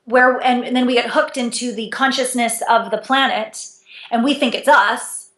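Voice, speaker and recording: A fairly high-voiced woman speaking as a guest in a relaxed interview. She is animated and expressive, her pitch leaping up and down as she acts out little exchanges with a laugh in her voice. The sound is roomy and echoey. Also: normal speed. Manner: animated, wide pitch swings, laughs while acting out dialogue. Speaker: intimacy coach, interview guest. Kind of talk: casual interview conversation. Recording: echoey room.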